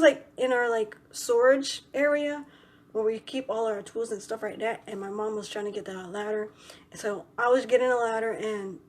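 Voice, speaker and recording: A woman's voice: a little high, husky. A young woman vlogger telling a story in a casual, rambling way, full of "you know" and "right".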